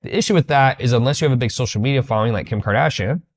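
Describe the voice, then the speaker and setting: A man's voice: medium pitch, very fast. A man teaching sales techniques, blunt and emphatic, acting out bits of sales-call dialogue. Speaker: business coach. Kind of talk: sales training talk.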